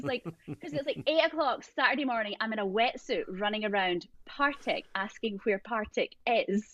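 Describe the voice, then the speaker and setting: A woman's voice: on the high side, fairly quick, dry recording, dull audio. A woman with a drifting Scottish accent, a podcast guest chatting casually and acting out voices as she tells stories. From Scotland. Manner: animated storyteller, acts out voices. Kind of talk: casual chat.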